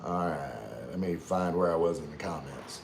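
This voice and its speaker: A man's voice: deep voice, fairly even intonation, moderate pace, background noise. A man hosting a casual livestream, reading viewer comments aloud and chatting in a rambling way, often losing his train of thought.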